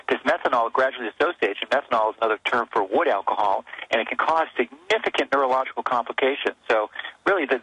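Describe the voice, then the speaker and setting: A male physician guest on talk radio who speaks quickly and earnestly, explaining things in detail. His voice is forceful and slightly husky, and it sounds dry and close. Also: medium pitch, no room sound, low-quality recording. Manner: fast, earnest, explanatory, with frequent restarts. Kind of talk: radio interview guest explaining health advice.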